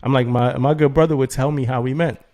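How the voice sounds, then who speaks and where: A man in casual podcast chat, spinning a story with lots of energy. He acts out both sides of a text exchange and breaks into laughter often. His voice sits at an ordinary middle pitch. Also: fairly even intonation, fast talker, a little mellow. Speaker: podcast co-host.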